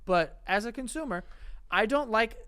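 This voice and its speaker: A man's voice: high-pitched, expressive, normal speed, pushed and bright, clean tone. A man co-hosting a podcast, talking casually and playfully with lots of fillers. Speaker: podcast co-host. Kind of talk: casual chat.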